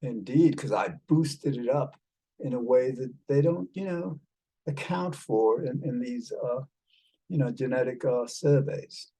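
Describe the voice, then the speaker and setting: A man's voice: medium pitch, lively intonation, measured pace, warm tone, slightly rough, poor audio. A man speaking in a put-on British accent, chatting casually and rambling with many fillers while calling his listener mate, over a video call. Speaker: show host talking with an AI companion. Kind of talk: casual chat.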